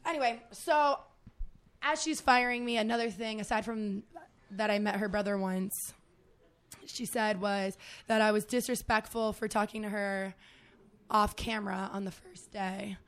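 A woman's voice: mid-range voice, steady tone, unhurried, a bit bright. A young woman telling a story as a podcast guest, laughing often, swearing and filling with "like". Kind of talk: casual chat.

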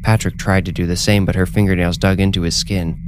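Deep-voiced man narrating horror. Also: flat delivery, fast, background noise.

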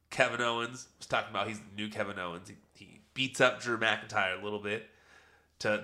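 A man's voice: fairly low pitch, bright, forceful tone. A young adult man hosting a podcast, giving a chatty, casual recap of a wrestling show and laughing often as he tells it. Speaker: podcast host.

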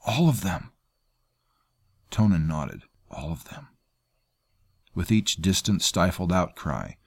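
A man narrating a dark fantasy audiobook in a dramatic, measured way. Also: deep voice.

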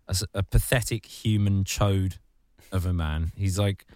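Animated ranting man, dry close mic. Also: a little slow, no room sound. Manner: animated ranting, mocking voices in sudden high squeals. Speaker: podcast host. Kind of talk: casual comedic podcast chat.

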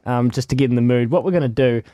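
A man's voice: mid-range voice, fast, dark tone, dry recording. Jokey New man in a studio. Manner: jokey, playful, laughs often. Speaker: podcast co-host. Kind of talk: casual chat.

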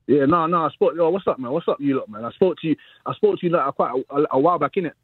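A man with a South London accent calling in to a boxing talk show, talking fast and insistently and repeating himself. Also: fairly high pitch, slightly rough, no room sound. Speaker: caller. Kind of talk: call-in boxing debate. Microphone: phone call. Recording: tinny phone line.

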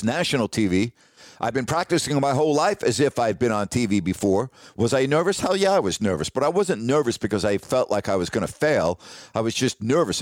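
A sportscaster telling a personal career story in a casual, animated, ad-libbed way. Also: male voice, mid-range voice, no echo, studio quality. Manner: casual, animated retelling with ad-lib restarts.

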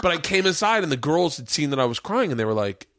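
A man's voice: fairly high pitch, big pitch swings, quick pace, fairly bright tone, no echo, clean studio sound. A middle-aged man hosting a podcast, chatting casually and rambling through a family story. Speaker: podcast host. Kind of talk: casual chat.

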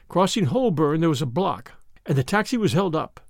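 Expressive male audiobook narrator. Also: on the high side, normal speed, creaky, dry recording, studio quality. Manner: expressive storytelling. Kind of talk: scripted narration.

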